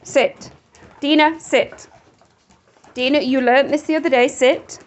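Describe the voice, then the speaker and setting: A woman's voice: sits high, measured pace, long pauses. A woman casually talking to a crowd of dogs, calling them by name, praising and scolding them with firm commands. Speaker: dog rescue carer.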